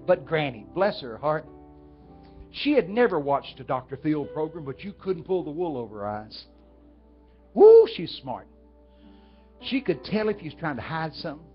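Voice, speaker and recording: A man's voice: fairly high pitch, big pitch swings, moderate pace. A man from Texas with a Texan accent, preaching through folksy stories and asking the crowd questions. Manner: folksy, talks directly to the audience. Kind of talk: storytelling sermon. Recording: dull lo-fi with faint music.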